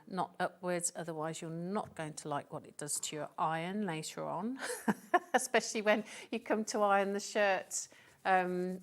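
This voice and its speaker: A woman demonstrating sewing on a live shopping show, explaining step by step in a chatty way. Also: fairly low pitch.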